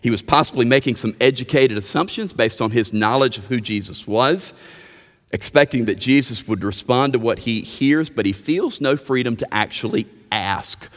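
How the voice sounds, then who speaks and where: A man preaching a sermon as a pastor, earnest, rising for emphasis and dropping soft. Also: mid-range voice, moderate pace, long reverb tail.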